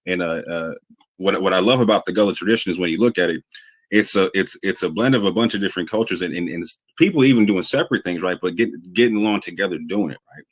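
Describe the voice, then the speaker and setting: A man's voice: sits low, quick pace. A man explaining his views in a casual conversation, rambling and earnest with many fillers.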